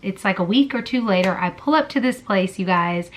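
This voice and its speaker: A woman's voice: mid-range voice, animated, brisk, hardly any pauses, a little hiss or hum. A woman vlogger telling a personal story in a casual, chatty way, full of fillers and blunt swearing. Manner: chatty, lots of "like" and "girl", swears freely.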